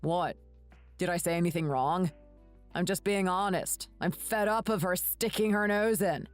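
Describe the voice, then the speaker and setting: A woman voicing a rude, bitter adult son in an animated story, speaking curtly and with contempt. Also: fairly low pitch, moderate pace, faint music behind, close to an everyday voice. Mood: scornful. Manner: curt, contemptuous.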